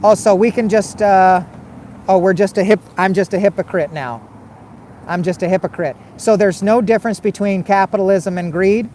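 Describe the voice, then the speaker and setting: A man's voice: sits high, moderate pace, darkish tone, slight background noise. A man hosting a casual livestream, reading viewer comments and arguing back with repeated rhetorical questions. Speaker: livestream host.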